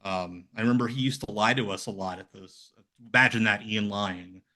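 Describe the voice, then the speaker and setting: Bright-voiced man in casual chat. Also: fairly low pitch, a little fast. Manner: rambling, animated impressions of others. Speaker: podcast guest.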